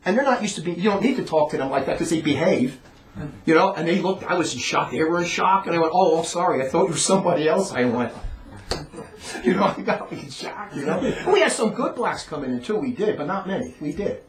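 Man, rambling emphatic ranter, high voice, echoey room. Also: big pitch swings, a little fast. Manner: rambling, emphatic, repeats words. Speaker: monologue speaker. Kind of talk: ranting monologue. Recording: roomy echo.

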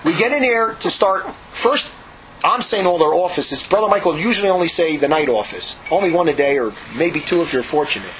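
A man's voice: a little high, expressive, a little fast, dull audio, a crowd in the background. A man, a monk, telling a rambling story in a casual way, with frequent repeats and restarts. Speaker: monk recounting monastery life.

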